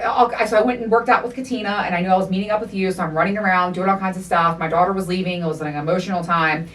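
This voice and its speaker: A middle-aged woman hosting a podcast, telling a story in animated, profane casual chat and acting out the quotes. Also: fairly low pitch, far from the mic. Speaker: podcast host.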